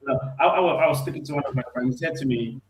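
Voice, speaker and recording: A hoarse man joins a fan show over a remote call, his voice roomy and echoing with a faint hiss behind it. He sounds elated, repeats himself and stumbles through many ums. His pitch sits in a middle range for a man. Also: rapid-fire. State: hoarse from screaming. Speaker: guest fan calling in. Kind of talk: casual chat.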